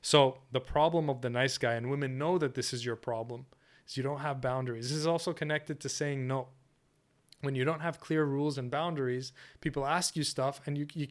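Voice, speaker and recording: A man leads a workshop lesson with a smooth, clear voice at a middling pitch. He speaks firmly and assertively and keeps checking in with "okay?" and "right?" as he goes. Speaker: dating coach.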